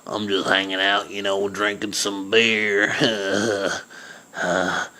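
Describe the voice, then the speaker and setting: A man's voice: lowish voice, flat delivery, slow, pushed and bright. A man voicing a laid-back male neighbor in a homemade cartoon, who drinks beer and drawls with lots of "uh" fillers.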